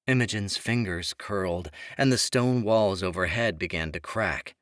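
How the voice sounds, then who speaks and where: A man narrating a fantasy audiobook in the first person, in an even, measured reading. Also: sits low, dry recording, studio quality.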